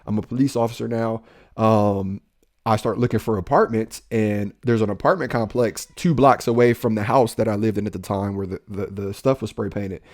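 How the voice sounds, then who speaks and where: A man's voice: fairly low pitch, moderate pace. A man co-hosting a podcast, a police officer telling a personal story in casual talk and acting out the voices of the people in it. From Central Ohio. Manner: animated, acts out quoted dialogue.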